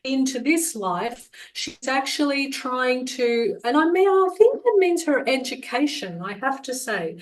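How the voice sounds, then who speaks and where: A woman's voice: high voice, big pitch swings, unhurried, few pauses, low-quality recording. A middle-aged woman giving a live group medium reading. She talks in a chatty, affectionate way, laughs often and calls people darling. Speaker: psychic medium.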